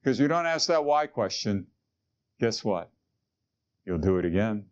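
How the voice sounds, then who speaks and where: A man's voice: on the low side, sing-song, normal speed, a little mellow, highs cut off. A man preaching a sermon in an earnest, conversational way, asking his listeners questions. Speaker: pastor.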